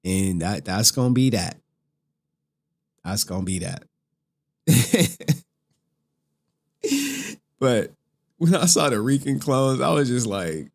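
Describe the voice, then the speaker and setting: A young man streaming live, chatting casually with slang and cursing, breaking into laughter often. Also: mid-range voice. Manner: laughs often, slangy and profane, slow drawl.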